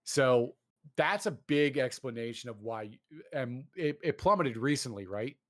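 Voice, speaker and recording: A man's voice: medium pitch, expressive, measured pace. A man hosting a casual gaming chat, ranting with lots of swearing and fillers.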